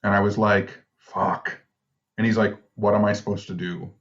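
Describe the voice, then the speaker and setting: A man's voice: fairly low pitch, little pitch movement, fast talker, muffled recording. A man co-hosting a podcast, telling stories in laid-back casual chat and laughing at himself. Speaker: podcast co-host.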